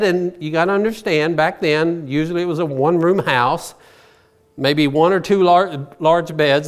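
A male pastor preaching a sermon in a folksy, storytelling way, full of personal asides. His voice sits fairly high and swings widely in pitch, lively from phrase to phrase. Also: moderate pace.

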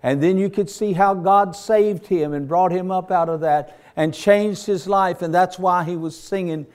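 A man's voice: high-pitched, normal speed, a little mellow, smooth. A man preaching a sermon to his church, retelling stories with fervor and repeating phrases in rhythmic runs. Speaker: pastor.

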